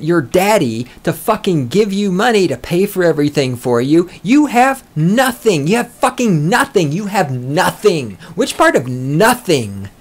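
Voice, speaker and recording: A man hosting a podcast from a small studio, ranting loudly and boastfully with heavy swearing. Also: sits high. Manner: loud, fired-up, profane and boastful. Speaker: podcast host. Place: small recording studio with a control room.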